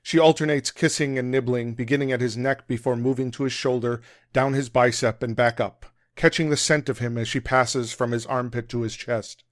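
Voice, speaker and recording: A man's voice: mid-range voice, fairly even intonation, normal speed, hardly any pauses, dry recording. Man reading his novel, close and dry. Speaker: author and guest.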